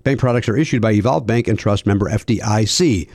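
A man's voice: lowish voice, quick pace, a little mellow, no room sound, clean studio sound. A man hosting a podcast, doing ad reads with playful, teasing banter. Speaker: podcast host. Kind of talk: ad read with banter.

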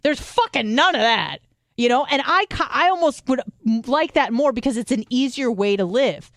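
A woman's voice: high voice, expressive, moderate pace, a bit bright, dry recording, studio quality. A woman co-hosting a podcast, chatting casually, swearing freely and thinking aloud with restarts. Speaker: podcast co-host. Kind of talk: casual chat.

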